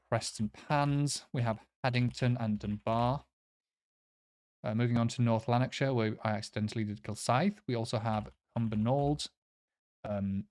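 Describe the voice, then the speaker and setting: A man's voice: mid-range voice, darkish tone. A man giving casual commentary while playing a map quiz, hesitant, with many fillers and unsure pronunciations. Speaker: quiz player.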